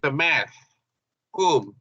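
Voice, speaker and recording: A man teaching an English grammar lesson, halting and repeating phrases with many fillers. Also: fairly high pitch, animated, pushed and bright, no echo. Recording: dull lo-fi classroom recording.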